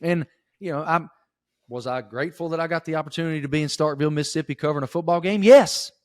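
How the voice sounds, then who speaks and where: A man's voice: on the high side, fast talker, darkish tone, no room sound, clean studio sound. A man with a Southern Appalachian accent, from rural Virginia, talking as an interview guest in an emphatic, folksy way. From Giles County, Virginia. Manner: emphatic, folksy, calls host "bro" and "dude". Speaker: sports reporter, guest. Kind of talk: casual interview chat.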